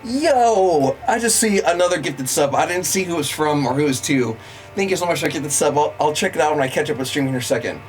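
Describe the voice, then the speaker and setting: A man's voice: on the high side, animated, brisk, soft background music, poor audio. A young man streaming live, chatting playfully with viewers and counting out workout reps. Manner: playful, joking with chat, counting out exercise reps. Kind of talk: casual live-stream chat.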